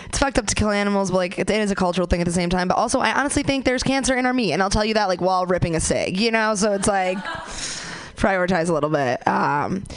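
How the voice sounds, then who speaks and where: A woman's voice: medium pitch, fast talker. A young woman doing a stand-up comedy set, crude and self-mocking, rambling with lots of likes and you knows. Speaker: stand-up comic.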